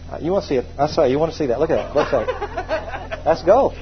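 A man's voice: fairly high pitch, huge pitch swings, brisk, dull audio, slight background noise. A man preaching a sermon, emphatic and repetitive, calling on the congregation to repeat phrases back to him.

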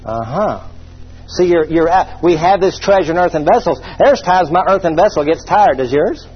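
A man preaching a humorous sermon, voicing imagined listeners and reading scripture slowly. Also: on the high side, lively intonation, slightly rough, dull audio.

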